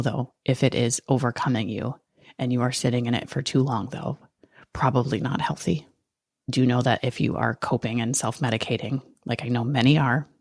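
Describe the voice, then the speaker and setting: A woman's voice: extremely low pitch, gravelly, a little mellow, husky, no echo, clean studio sound. A woman hosting a podcast, talking through a raw, angry personal monologue and swearing freely. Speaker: podcast host.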